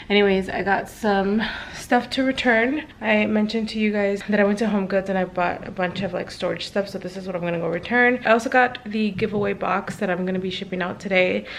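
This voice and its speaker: A woman's voice: medium pitch, creaky, a little hiss or hum. A woman in her thirties chatting casually to camera at home in a vlog, full of fillers and asides. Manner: chatty, filler-heavy, talks straight to camera. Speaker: beauty vlogger.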